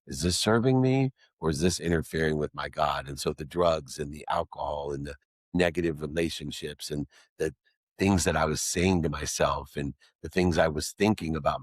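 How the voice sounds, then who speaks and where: A middle-aged man with a very low voice tells his story with emphasis, building rhythmic lists of words that start with the same sound. The recording is close and dry. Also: husky, dry recording. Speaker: guest. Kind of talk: personal storytelling in an interview.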